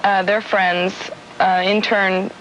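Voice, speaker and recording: A woman's voice: medium pitch, flat delivery, slow pace, a bit bright. Giggly, hesitant teenage California girl. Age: teens. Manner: giggly, hesitant, filler-heavy. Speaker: guest, singer's daughter. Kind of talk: morning TV interview. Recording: dull broadcast audio, faint hiss.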